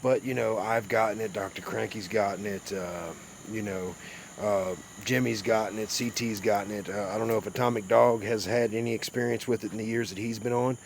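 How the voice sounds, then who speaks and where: A man's voice: on the low side, fairly even intonation, brisk, creaky, a little hiss or hum. A man from the American South with a Southern accent, rambling in a folksy way while chatting with his live-stream viewers. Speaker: livestream host. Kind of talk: casual live-stream chat.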